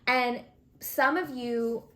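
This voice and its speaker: A woman's voice: fairly high pitch, steady tone, extremely slow, fairly bright tone. A woman giving a casual, chatty tarot reading to her viewers, thinking aloud with fillers as she pulls cards. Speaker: tarot reader.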